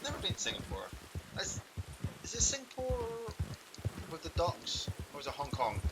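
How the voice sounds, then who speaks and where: A man's voice: medium pitch, very animated, a little fast. A man from England giving casual live commentary while playing a game, chatting, joking and swearing as he reacts. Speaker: game streamer. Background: game noise, hoofbeats and clicks.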